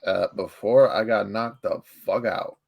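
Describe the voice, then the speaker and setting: A man's voice: on the low side, unhurried, gravelly, darkish tone, faint music behind. Casual joking male player. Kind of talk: casual table talk.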